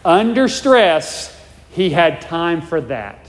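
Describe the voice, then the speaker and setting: A slightly high-voiced male pastor preaches at a slow pace but with great animation. He's emphatic, repeats points, and keeps checking in with the congregation via "all right?", with long reverb from a large hall around him.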